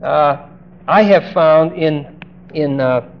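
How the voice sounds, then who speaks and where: A man with a somewhat high, slow voice preaches an expository sermon on a Bible passage. He is emphatic, stretching out key words and asking his listeners direct questions. The lo-fi recording sounds dull, with a faint hiss.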